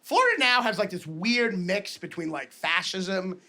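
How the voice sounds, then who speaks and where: A man doing a stand-up comedy set on stage, telling stories with punchy, exaggerated asides, recorded live with loud audience laughter. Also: high voice, lively intonation, normal speed, heavy background noise.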